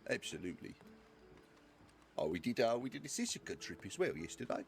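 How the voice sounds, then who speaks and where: A man's voice: medium pitch, sing-song, fairly quick, vocal fry, slight background noise. A man playing an eager trainee deputy in an online roleplay, polite and deferential, stammering and calling others sir. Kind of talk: in-character roleplay chat.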